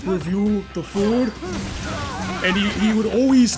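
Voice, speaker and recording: A young man chatting casually over a video game, telling a rambling, halting story with crude jokes. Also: sits high. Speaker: gaming co-host. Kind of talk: casual chat over gameplay. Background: game music.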